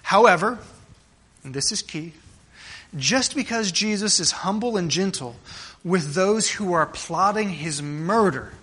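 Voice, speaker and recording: High, bright-voiced male preacher. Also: lively intonation, a little slow, husky. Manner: conversational preaching with rhetorical questions; stumbling restarts and repeated words. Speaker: pastor. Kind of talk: sermon.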